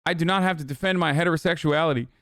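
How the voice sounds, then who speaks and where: A man's voice: fairly high pitch, racing, a bit bright, dry recording, studio quality. A man streaming live, reading text aloud and reacting with blunt, profane, exasperated rants.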